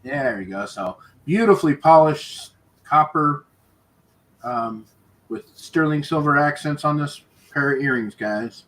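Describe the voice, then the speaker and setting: Auctioneer type: fairly high-voiced man, brisk repetitive bid-calling, easygoing chuckles. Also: lively intonation, fairly bright tone. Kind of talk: live online auction patter.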